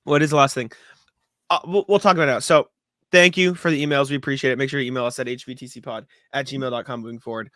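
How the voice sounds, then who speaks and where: A man's voice: mid-range voice, fairly even intonation, fast talker, fairly bright tone, no room sound. A man co-hosting a podcast in casual chat, rambling and laughing at his own mishaps. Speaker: podcast co-host.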